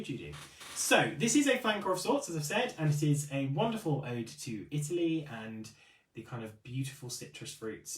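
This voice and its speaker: A man's voice: medium pitch, roomy sound, far from the mic, a little hiss or hum. A man hosting a live stream for a beauty retailer, chatting casually, reading out viewer comments and often apologising. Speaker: livestream host for a beauty retailer.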